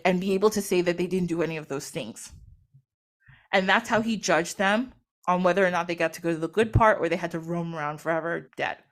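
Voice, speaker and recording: A woman casually retelling a myth, animated and laughing often as she acts out the quotes. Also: lowish voice. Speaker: podcast guest or host.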